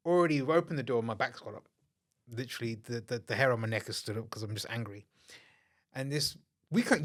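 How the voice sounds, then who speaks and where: A man co-hosting a podcast, telling a story in a relaxed, blunt way. He swears freely and keeps the tone chatty. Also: medium pitch. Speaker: podcast co-host. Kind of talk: casual chat.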